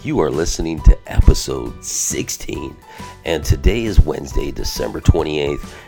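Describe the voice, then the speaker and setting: Very deep gravelly-voiced male pastor host. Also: normal speed, over music. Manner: energetic, informal, peppered with "man" and "bro". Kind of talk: casual devotional podcast chat.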